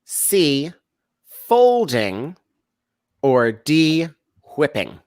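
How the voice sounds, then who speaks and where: A man's voice: fairly high pitch, huge pitch swings, extremely slow, darkish tone, clear, resonant tone, no echo. A man hosting a casual happy-hour show over a video call, reading out multiple-choice quiz questions and laughing easily. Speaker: host. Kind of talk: quiz-style casual chat.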